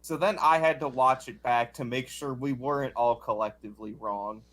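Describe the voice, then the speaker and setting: A man telling a story in a measured way during casual podcast chat. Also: mid-range voice, steady tone, a bit bright.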